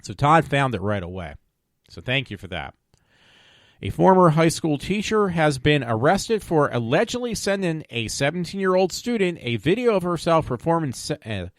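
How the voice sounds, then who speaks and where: A man's voice: on the high side, big pitch swings, moderate pace, no room sound, clean studio sound. A man hosting his own show, reading news stories aloud and commenting on them, stumbling over words and swearing along the way. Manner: profane and opinionated. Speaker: podcast host.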